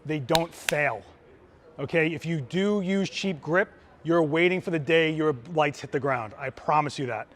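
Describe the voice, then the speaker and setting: A man's voice: fairly high pitch, normal speed, a bit bright. A man who is a photographer giving a live gear demo on a trade show floor. He talks in a casual, enthusiastic, chatty teaching manner.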